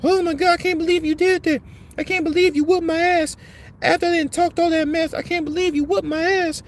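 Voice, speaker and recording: A man putting on the voice of a woozy, dazed woman, whining in disbelief in a high falsetto. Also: little pitch movement, a little fast, a little hiss or hum. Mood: disbelieving. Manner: shrill, disbelieving whine.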